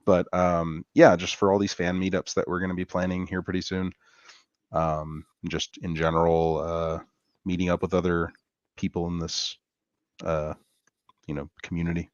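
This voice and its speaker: A man's voice: low voice, little pitch movement, normal speed, no room sound, muffled recording. A man hosting a podcast, talking in a laid-back way with many fillers in casual chat. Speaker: podcast host.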